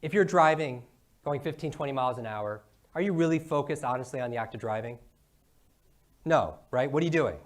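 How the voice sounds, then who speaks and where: A man giving an energetic motivational talk, asking the audience one question after another. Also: mid-range voice, brisk. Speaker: brain coach giving a talk.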